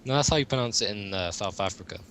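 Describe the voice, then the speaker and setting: A man's voice: fairly low pitch, lively intonation, very fast, a bit bright, slight background noise. A young man hosting a casual chat, rambling and joking and laughing often. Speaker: podcast host.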